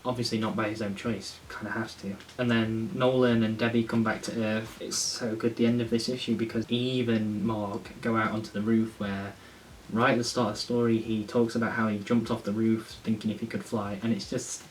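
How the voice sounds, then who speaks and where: A man's voice: fairly low pitch, level tone, moderate pace. A man talking through a casual review, rambling and enthusiastic, swearing when he gets worked up. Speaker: comic reviewer. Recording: faint hiss, slightly distant mic.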